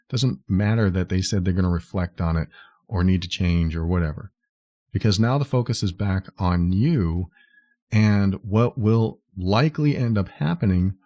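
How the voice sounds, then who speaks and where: A man's voice: on the low side, dark tone, no room sound, muffled recording. A man hosting a podcast, talking earnestly and explaining things step by step, sometimes acting out what someone might say. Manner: earnest, explains step by step, acts out quoted lines. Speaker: podcast host. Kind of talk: solo podcast advice talk.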